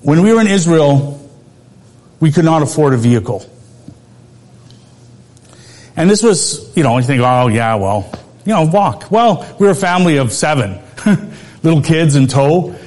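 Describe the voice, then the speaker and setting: A middle-aged preacher delivers a sermon through a personal story, speaking conversationally and laughing often between phrases. His voice is a little higher than usual for a man and a little mellow, animated, at a moderate pace.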